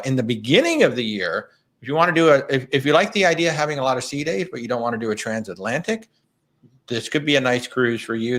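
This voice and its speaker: A man's voice: mid-range voice, fairly bright tone. A middle-aged man hosting a live travel Q&A in a chatty, rambling way with frequent restarts. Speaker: travel agent show host. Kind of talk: live Q&A chat.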